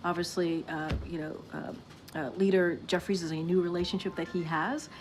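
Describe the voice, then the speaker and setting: A woman press secretary answering questions at a briefing, measured and halting with many fillers. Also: lowish voice, steady tone, a little hiss or hum. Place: briefing room.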